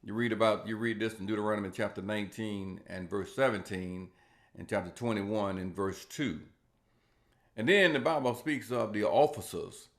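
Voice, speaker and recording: Man, bible lesson teacher, gravelly low voice, repeats himself, gets loud on scripture. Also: normal speed. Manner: repeats and restarts, rises loud when reading scripture. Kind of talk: Sunday school Bible lesson.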